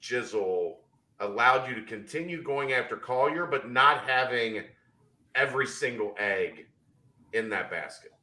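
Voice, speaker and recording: A man's voice: mid-range voice, lively intonation, unhurried, pushed and bright. A man co-hosting a casual sports podcast, explaining his points with confidence. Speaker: podcast co-host.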